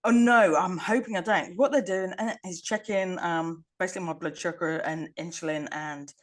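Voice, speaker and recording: A woman's voice: lowish voice, normal speed. A woman co-hosting a podcast, chatting casually in a wry, rambling way and laughing often. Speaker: podcast co-host. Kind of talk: casual chat.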